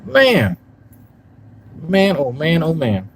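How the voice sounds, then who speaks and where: A man with a slightly high voice rambles loosely through a casual live stream, swearing freely and talking straight to his viewers. Faint outdoor noise hangs behind him, and his level drifts as he moves around. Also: wildly swooping pitch, drawn-out words, low-quality recording. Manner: rambling, profane, loose, talks to chat. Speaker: YouTube commentary streamer. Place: outdoors in a park, then in a parked car.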